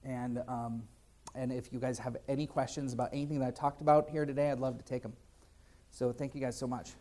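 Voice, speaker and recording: A man's voice: medium pitch, little pitch movement, fairly quick, noisy background. A man giving a casual conference presentation and answering audience questions, with many fillers and restarts. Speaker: conference speaker. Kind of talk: live presentation and Q&A.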